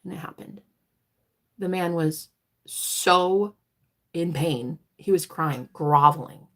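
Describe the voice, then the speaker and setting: A woman's voice: fairly low pitch, fairly even intonation, a little slow, a bit bright. A woman talking casually on a livestream as a tarot reader, blunt and emphatic, swearing freely and preaching self-empowerment. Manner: preachy, motivational.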